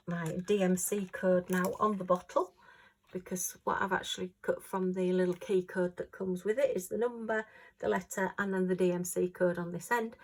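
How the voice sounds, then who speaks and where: A woman's voice: on the low side, vocal fry, husky, low-quality recording. Chatty Yorkshire woman crafting. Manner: chatty, giggly, talks to herself as she works. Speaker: crafting vlogger. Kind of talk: casual chat while working.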